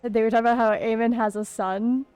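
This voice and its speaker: A woman's voice: on the high side, fairly even intonation, fast, a little mellow, clean tone, no echo, soft background music. A woman streamer chatting casually over a role-playing game, joking and laughing often. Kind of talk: casual gameplay commentary.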